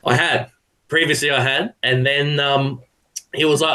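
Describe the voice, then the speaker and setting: A man's voice: on the high side, moderate pace, sharp tone. Laid-back young Australian man. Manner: modest, laid-back, self-deprecating. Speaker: guest, amateur gridiron player. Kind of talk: casual podcast chat.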